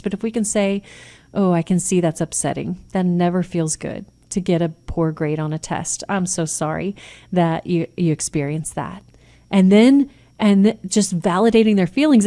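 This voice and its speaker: A woman's voice: medium pitch, mellow. An American woman hosting a Christian radio show, giving earnest parenting advice and acting out sample phrases. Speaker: radio host, nurse practitioner.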